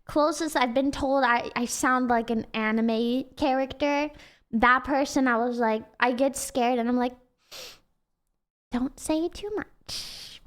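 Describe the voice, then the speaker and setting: Young woman streamer, super high childlike voice, giggly rambling chat. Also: steady tone, measured pace, fairly bright tone. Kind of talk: casual livestream chat.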